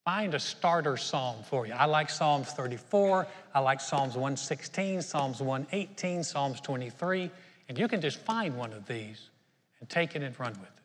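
A man's voice: mid-range voice, lively intonation, normal speed, big-room sound. An older man preaching a sermon to a congregation, earnest and conversational, often restarting his words. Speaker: pastor. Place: auditorium.

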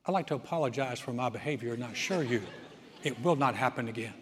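A man's voice: medium pitch, quick pace, a bit bright, voice pushed down, natural voice. A man voicing a polite, apologetic male pet parrot in a joke told during a sermon, speaking in a formal, courteous way. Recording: long reverb of a large hall.

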